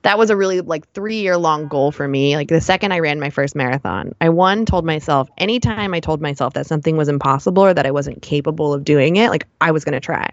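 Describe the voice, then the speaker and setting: A chatty woman guest, telling stories in a relaxed interview and laughing often. Her voice sits low. The sound is dull and dry, with no room echo. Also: fast, hardly any pauses. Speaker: guest, running blogger. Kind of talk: casual interview chat.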